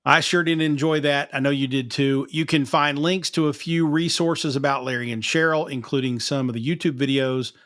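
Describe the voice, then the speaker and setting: A man's voice: mid-range voice, fairly even intonation, moderate pace, few pauses, fairly bright tone, no echo. Folksy man with a slight Southern twang. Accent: Eastern Kentucky Appalachian, slight twang. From Appalachian mountains. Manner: folksy, self-deprecating, laughs often. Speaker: podcast host and broadcaster. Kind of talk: casual chat.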